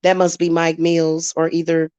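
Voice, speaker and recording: Woman on a livestream, aave, blunt and laughy, lowish voice, kinda dull sound. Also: monotone, normal speed, dark tone, smooth, no room sound. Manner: blunt, laughs often, talks back to chat. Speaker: livestream host. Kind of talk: casual livestream chat.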